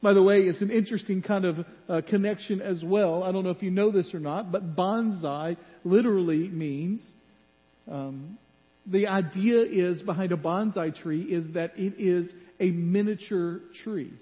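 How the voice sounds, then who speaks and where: A man's voice: sits high, normal speed. A male pastor preaching a sermon in a church, telling stories and acting out the voices in them. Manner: animated storytelling, acts out voices in quotes. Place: church sanctuary. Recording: muffled hall with long reverb.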